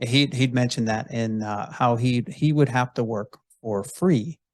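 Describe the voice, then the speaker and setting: A man's voice: medium pitch, measured pace, no room sound. Easygoing man hosting a podcast. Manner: easygoing, rambling with restarts. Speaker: podcast host. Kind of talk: casual interview chat.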